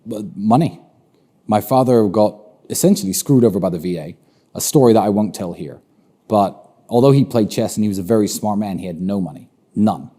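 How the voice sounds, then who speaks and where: Dark-voiced British man, assertive. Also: fairly low pitch, brisk. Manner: assertive, opinionated, repeats phrases for emphasis. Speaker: interview guest. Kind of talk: conversational interview answers.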